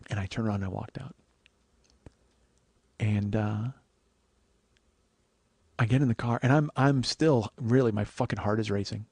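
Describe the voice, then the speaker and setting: A man in his forties hosting a podcast, telling a comic story with profanity and animated, yelled-out quotes. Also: on the low side, moderate pace, pauses often, husky, no echo. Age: 40s. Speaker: podcast host. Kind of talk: comedic storytelling monologue.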